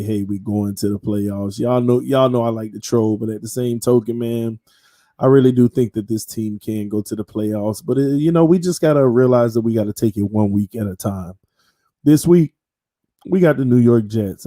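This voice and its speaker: A man's voice: medium pitch, mellow. A man hosting his own football fan channel, talking casually and animatedly, repeating phrases for emphasis. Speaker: sports channel host.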